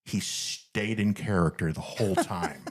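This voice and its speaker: A middle-aged man hosting a family podcast, telling anecdotes in an animated way and laughing at them. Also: sits low, unhurried. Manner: animated storyteller, laughs at his own anecdotes. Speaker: podcast host. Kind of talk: casual family chat.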